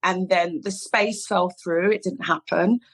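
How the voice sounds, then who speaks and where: Heard on poor audio, this guest speaks a little slowly in a steady, lowish voice. She is an English hairdresser and salon founder in her thirties with a London accent, sharing stories in a relaxed interview and mimicking the people she quotes.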